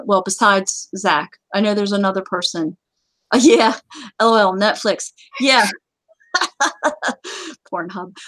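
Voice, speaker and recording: With a fairly high, fairly bright voice, this livestream show host chats away and laughs often, getting stern when she issues warnings to viewers. The recording is low quality with no room sound.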